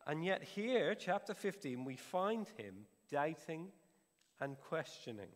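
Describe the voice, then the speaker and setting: A man's voice: fairly high pitch, sing-song, takes it slowly, in a large hall. A male pastor preaching a sermon in a conversational way, with frequent restarts. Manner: conversational preaching with restarts, drops soft to pray.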